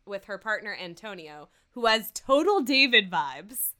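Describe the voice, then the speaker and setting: A woman's voice: medium pitch, measured pace. A woman co-hosting a podcast, chatting casually with lots of laughter and playful quoting of characters. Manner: giggly, animated, quotes characters in playful voices. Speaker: podcast co-host recapping a TV episode. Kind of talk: casual chat.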